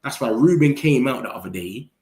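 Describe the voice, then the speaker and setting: Young male host, animated and slangy, reading chat in an echoey room. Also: medium pitch, fairly quick. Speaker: football channel host reading live chat. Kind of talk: casual livestream chat.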